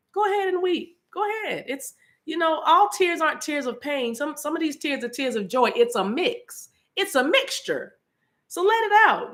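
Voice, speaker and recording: A woman's voice: fairly high pitch, a bit bright. Fervent woman preaching to live chat. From Eastern United States. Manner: fervent, rhythmic repetition with bursts of speaking in tongues. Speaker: spiritual livestream host.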